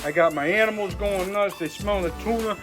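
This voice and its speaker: A man's voice: sits high, a little fast, a bit bright, soft background music. A man vlogging a casual motivational monologue from home, rambling and upbeat, peppered with "you know" and "man". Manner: rambling and upbeat, many 'you know' and 'man'. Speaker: wellness vlogger. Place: at home, seated in a chair.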